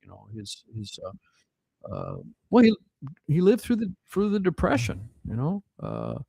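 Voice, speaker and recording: Animated storytelling man from South Dakota. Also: mid-range voice, a little slow, creaky, slightly rough, dry recording, rough recording. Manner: animated, rambling anecdotes with fillers. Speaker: podcast guest. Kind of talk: casual storytelling chat.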